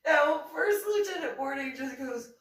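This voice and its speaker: A middle-aged woman telling a personal anecdote in a giggly, excitable way, laughing often, in an echoey room away from the mic. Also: high-pitched, measured pace, recorded from a distance. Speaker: vlogger.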